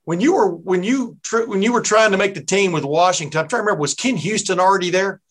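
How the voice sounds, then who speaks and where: A man's voice: sits high, quick pace, a bit bright. A man from East Texas hosting a casual interview, chatty and digressive, laughing easily. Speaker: host.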